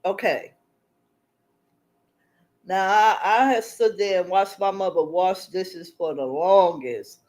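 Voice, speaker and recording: A woman's voice: on the low side, slow pace, long pauses, darkish tone. A woman hosting a casual livestream who talks to her chat, reads the comments aloud and laughs often. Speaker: livestream host.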